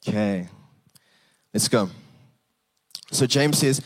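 A young South African man delivers a sermon in easy, conversational English. His delivery is casual, full of small restarts and rhetorical "right?" asides to the congregation, with a pitch sitting right in the ordinary middle for a man. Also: a little slow, long pauses. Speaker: preacher.

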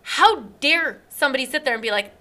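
Bright high-voiced indignant young woman. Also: lively intonation, fairly quick. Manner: indignant storytelling, acting out text messages. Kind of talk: casual chat.

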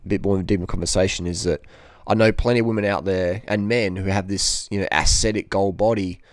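A man's voice: deep voice, steady tone, fairly quick, dry recording, studio quality. A man, talking casually as a guest, rambling and repeating himself with many "you knows". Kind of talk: casual conversation.

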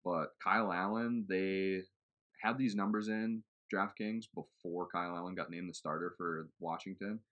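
Deep-voiced man in casual sports chat. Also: steady tone, moderate pace, dull audio. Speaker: podcast co-host. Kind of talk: casual fantasy football chat.

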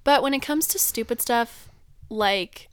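A young woman in casual chat, telling lively stories and mimicking the people in them. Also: fairly high pitch, measured pace, clean tone, dry recording. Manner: animated storyteller, mimics people.

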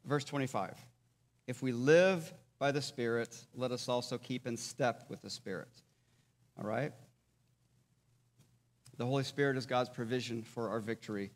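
A man's voice: mid-range voice, moderate pace, long pauses. A man giving a conversational sermon as a pastor, often checking in with his listeners. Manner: conversational, checks in with "all right?" and "okay?". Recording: long hall reverb.

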